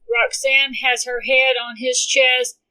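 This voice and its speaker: Bright, steady woman narrator. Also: high-pitched, slow pace, smooth, low-quality recording. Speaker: audiobook reader. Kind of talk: first-person story narration.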